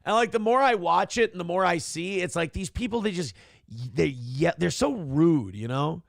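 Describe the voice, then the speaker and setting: A man's voice: fairly high pitch, moderate pace, gravelly, no room sound, clean studio sound. A man in his forties hosting a morning talk show, telling profane, rambling stories in a casual chat style. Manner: profane, animated storytelling.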